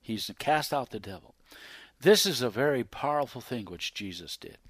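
A man preaching a sermon, reading scripture aloud and swinging between loud emphasis and hushed whispers. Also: medium pitch, lively intonation, moderate pace, slightly rough, no echo. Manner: reads scripture aloud in King James wording.

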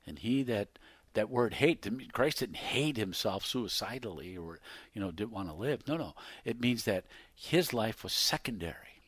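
Man, preacher, sermon, loud-to-whisper swings, reads scripture, dry close sound. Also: on the low side, breathy edge, dry recording. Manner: reads scripture aloud in King James wording.

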